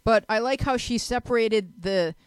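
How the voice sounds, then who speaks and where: A woman's voice: on the high side, normal speed, clear, resonant tone, no echo. A woman hosting a teen panel talk show, giving frank advice in a chatty, joking way and often restarting her sentences.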